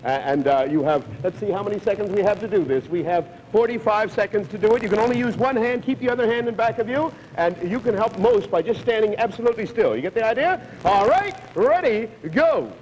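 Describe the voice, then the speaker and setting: A man hosting a live television game show, chatty and brisk as he coaxes contestants through a stunt. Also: high-pitched, expressive, a little mellow, long reverb tail, a little hiss or hum, rough recording.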